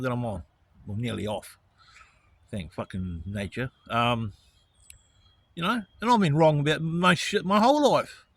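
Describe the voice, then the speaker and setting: A man's voice: on the high side, breathy edge. A man, ranting in an angry, profane monologue about righteous indignation. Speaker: vlogger.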